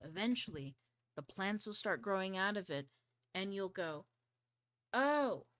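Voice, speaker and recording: A woman's voice: medium pitch, normal speed, fairly bright tone, no room sound. A woman hosting an online study group livestream, talking in a chatty way with frequent swearing and a few whispered asides. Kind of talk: casual livestream talk.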